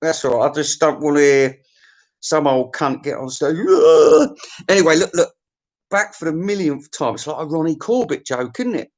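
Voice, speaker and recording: A man rants through a music countdown in a loose, comic monologue. He swears freely, trips over restarts and repeats himself. His voice sits a little high for a man. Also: moderate pace. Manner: sweary, opinionated, full of restarts and stammers.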